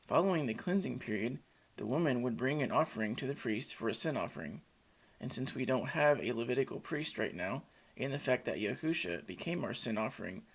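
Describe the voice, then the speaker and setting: A man giving a steady, scripted summary of scripture chapters as a bible study teacher. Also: medium pitch, gravelly, breathy edge. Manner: steady explanatory reading.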